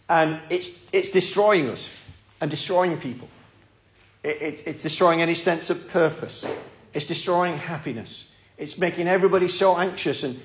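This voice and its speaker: A man preaching a sermon in a church, earnest and pleading, often repeating his words. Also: a little high.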